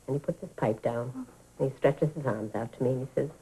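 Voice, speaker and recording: A woman's voice: a bass voice, a little fast, dark tone, slightly rough, exaggerated voice, rough recording. A woman playing an elderly woman who tells a childhood tale to children in a radio drama, talking fondly and vividly, sighing as she goes. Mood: warm reminiscing. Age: older. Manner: fond, vivid storytelling with sighs. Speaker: storyteller.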